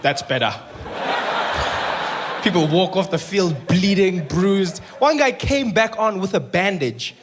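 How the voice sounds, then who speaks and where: A man with a South African accent performing an animated stand-up comedy set at a live venue, often slipping into character voices. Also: high voice, takes it slowly, over loud music. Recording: noisy live room recording, some echo.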